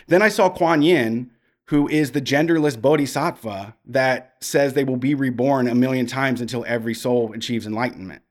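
A man's voice: mid-range voice, moderate pace. Profane rambling man telling stories. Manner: frank and profane, rambling with restarts. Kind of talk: casual storytelling.

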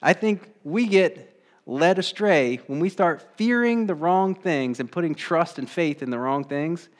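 A man's voice: on the high side, lively intonation, unhurried. Conversational male pastor preaching a sermon. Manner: conversational, asks the congregation rhetorical questions; acts out quoted voices with bursts of energy.

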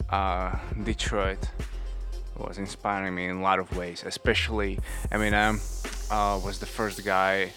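A young man with non-native English and a North American tinge rambles through a casual vlog, slangy and laughing to himself. His voice sits low and unhurried, drawn out at a slow pace. Faint music plays behind him on a home microphone. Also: monotone, sharp tone. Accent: non-native English with North American touches. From small industrial town in a former communist country. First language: not English. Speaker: vlogger. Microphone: new home microphone.

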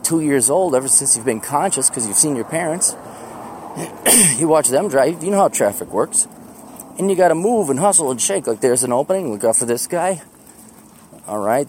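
A man's voice: on the high side, animated, moderate pace, darkish tone. Man, rambling walk-and-talk, chatty, self-deprecating, laughs a lot, faint street traffic behind. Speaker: podcast host. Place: outdoors on a street, walking to a bus.

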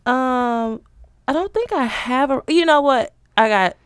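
A woman's voice: sits high, a little slow, smooth, no echo, clean studio sound. A woman co-hosting a podcast, telling stories with big laughs. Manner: animated storytelling with big laughs. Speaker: podcast co-host. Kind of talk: casual chat.

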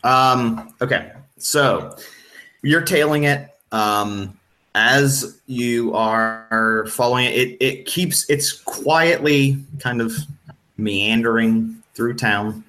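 A man running a tabletop game as game master, narrating with many pauses, ums and restarts. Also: mid-range voice, pushed and bright. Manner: hesitant, full of ums and restarts.

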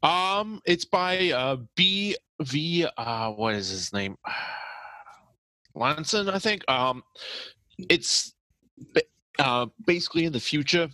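Bright, hesitant man, dry close sound. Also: fairly high pitch, big pitch swings, slow, no room sound, poor audio. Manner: hesitant, many ums and uhs. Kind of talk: casual chat.

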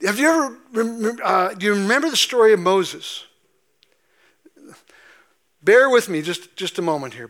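A man's voice: sits high, fairly bright tone. A man pastor giving a sermon, explaining scripture conversationally with frequent fillers and restarts. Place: church sanctuary.

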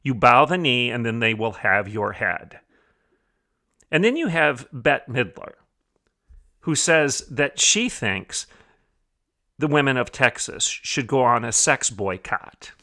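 Man, commentary host, bright voice, emphatic, repetitive for stress, rhetorical questions. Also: mid-range voice, lively intonation, slow, pauses often. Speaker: podcast host. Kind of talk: opinion commentary monologue.

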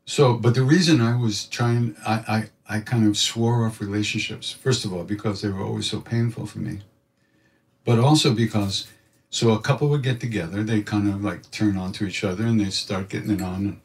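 A man telling a reflective personal story, animated and acting out other people's voices in his quotes. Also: lowish voice, normal speed, distant mic. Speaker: spiritual storyteller.

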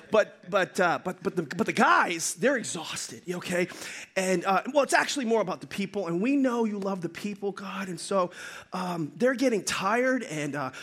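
A jittery male disciple, put on by a preacher in a sermon skit, hems and haws through each apology. He flatters and stammers in a high, bright voice that leaps up and down. The delivery is lively and fumbling.

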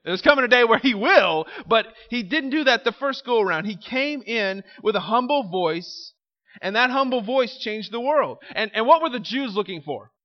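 A man's voice: very high-pitched, animated, normal speed, big-room sound. A man preaching a sermon with emphatic delivery, asking rhetorical questions and calling out to the congregation. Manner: emphatic, asks rhetorical questions, calls out "Amen?". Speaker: pastor. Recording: slightly muffled recording.

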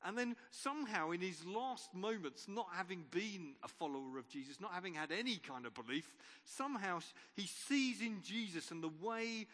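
A man's voice: sits high, expressive, normal speed, few pauses, a bit bright. A man preacher giving an Easter sermon in an informal storytelling way, with wry asides. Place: church. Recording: long reverb of a church.

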